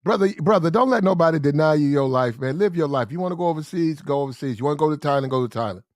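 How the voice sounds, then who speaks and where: A man's voice: on the high side, animated, quick pace, dry recording, studio quality. A man from the United States giving blunt, slangy opinion commentary, repeating his points for emphasis. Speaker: commentary show host.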